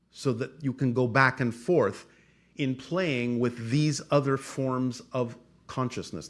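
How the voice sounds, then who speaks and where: A man speaks in a formal, measured, channeled cadence, stacking repeated phrases and checking in with the listener. His pitch sits in a middle range, and his delivery stays steady and deliberate. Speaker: channeler answering audience questions. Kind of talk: channeled spiritual talk.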